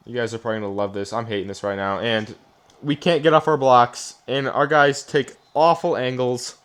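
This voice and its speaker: A young man giving live commentary while playing a football video game, often frustrated, muttering low one moment and yelling the next. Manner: frustrated, ranting, swings between muttering and yelling. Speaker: gaming YouTuber. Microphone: desk microphone.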